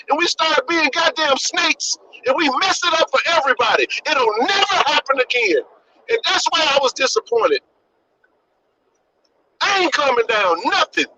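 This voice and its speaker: A man's voice: extremely high pitch, bright, forceful tone, slight background noise. A man hosting a podcast live stream, ranting passionately, repeating his points and swearing for emphasis like a preacher. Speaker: podcast host. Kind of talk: impassioned live-stream rant. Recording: dull lo-fi live-stream audio.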